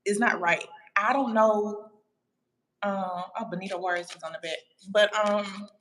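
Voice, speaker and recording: A woman hosting a casual livestream, chatting to her viewers in an animated way and laughing often. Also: mid-range voice, low-quality recording. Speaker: livestream host. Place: home abroad.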